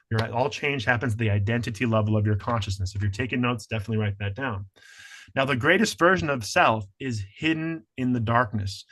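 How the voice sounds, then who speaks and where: A man presenting a healing webinar over a video call, talking energetically to his audience and acting out inner voices. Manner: energetic, acts out inner voices with rising pitch, addresses "you guys".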